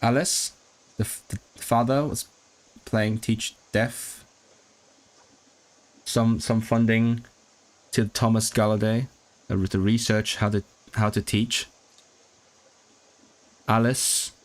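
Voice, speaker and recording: Slow, halting low-voiced man thinking aloud. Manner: halting, restarting words while working out signed content; puzzled self-questioning asides. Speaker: language-learning streamer. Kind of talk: live study stream, thinking aloud.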